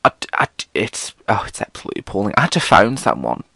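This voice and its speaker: A man's voice: fairly low pitch, sing-song, fast talker, gravelly, pushed and bright, breathy edge, dry recording. A British man hosting a solo podcast, rambling casually and theatrically, swearing often. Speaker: podcast host.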